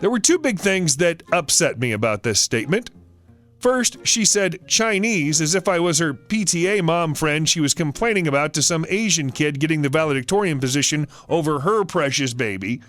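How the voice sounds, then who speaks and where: A man's voice: on the high side, lively intonation, moderate pace, fairly bright tone, soft background music. A man reading an online story aloud in a wry, sarcastic storytelling manner. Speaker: story narrator.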